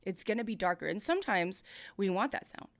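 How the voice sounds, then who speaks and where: A woman's voice: mid-range voice, lively intonation, brisk. Woman, livestream host, casual coaching, explanatory, studio mic, home studio. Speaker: host giving music feedback. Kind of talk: livestream music review and coaching. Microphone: studio mic, moved near and far.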